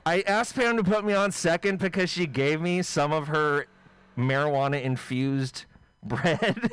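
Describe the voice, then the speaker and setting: A man's voice: a little high, unhurried, fairly bright tone, clean tone, low-quality recording. Rambling, self-mocking male comedian. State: high. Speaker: stand-up comedian. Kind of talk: stand-up comedy set.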